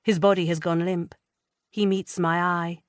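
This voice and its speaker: A woman reading a first-person psychological thriller audiobook in a measured, tense way. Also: on the low side, flat delivery, no room sound, clean studio sound. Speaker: audiobook narrator.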